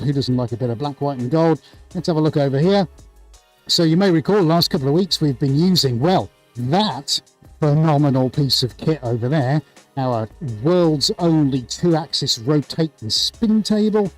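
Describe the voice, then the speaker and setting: A man's voice: a little high, moderate pace. A man hosting a live art stream from his studio, chirpy and jokey, with music playing behind.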